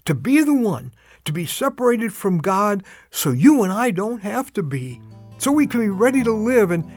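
Older man, earnest devotional talk, slightly higher voice, dry close sound, slows down for emphasis. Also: very animated, a little mellow, no room sound, faint music behind. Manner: earnest and emphatic, slowing for urgent appeals. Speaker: radio devotional speaker. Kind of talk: short radio devotional.

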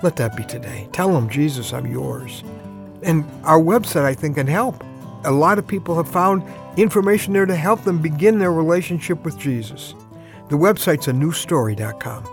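Man, radio preacher, earnest, emphatic, dramatic pauses, fairly high voice, faint music behind. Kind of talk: short radio devotional.

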